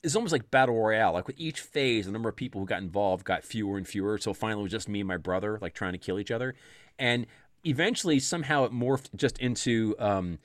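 A man's voice: fairly low pitch, fast, no echo, clean studio sound. A man casually telling a childhood story, laughing often and acting out the voices in quotes.

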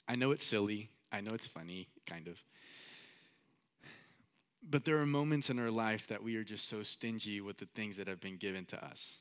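A man's voice: lowish voice, normal speed, fairly bright tone, clean tone. A man preaching a sermon in a casual, storytelling manner, often repeating his phrases.

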